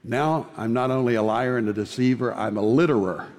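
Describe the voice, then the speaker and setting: A pastor preaching a sermon, telling a personal story with playful asides before turning to the lesson. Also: male voice, medium pitch, a little fast, darkish tone, in a large hall.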